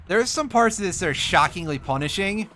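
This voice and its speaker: A man's voice: sits high, animated, fairly quick, bright, forceful tone. A sleepy man streaming a video game, talking casually into a desk mic. He rambles in a wry, offhand way and corrects himself mid-thought. Faint music plays under his voice. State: sleepy, yawning. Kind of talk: casual let's-play commentary.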